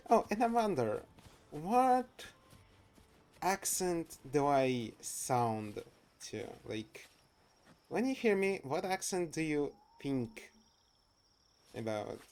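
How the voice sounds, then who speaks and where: Slow-talking Russian-accented male streamer, casual and fumbling. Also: on the high side, very animated, darkish tone. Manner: halting, searching for words, laughing and swearing. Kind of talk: casual live game commentary.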